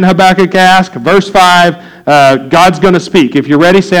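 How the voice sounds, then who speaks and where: A man's voice: high-pitched, moderate pace, few pauses, clean tone, poor audio. Earnest male pastor preaching a sermon. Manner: earnest, builds to loud excited preaching.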